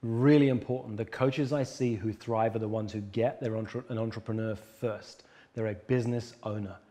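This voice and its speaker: A man talks as a coach in an interview, earnest and emphatic, driving his points home. His voice is mellow and warm. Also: fairly low pitch, steady tone, normal speed. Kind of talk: conversational interview.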